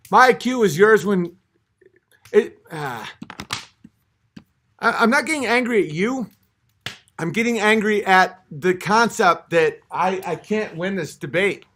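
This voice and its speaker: A young man with a notably high voice rants on a livestream, a few drinks in. He swears constantly and trips over restarts as he reacts to his chat in exasperation. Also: sharp tone. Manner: profane, exasperated ranting with restarts. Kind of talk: livestream rant.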